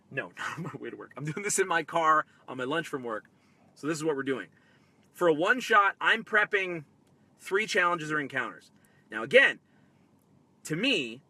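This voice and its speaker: The host of this live tabletop-game advice stream speaks with a fairly high pitch. He is excitable and energetic, moving between loud bursts and hushed asides.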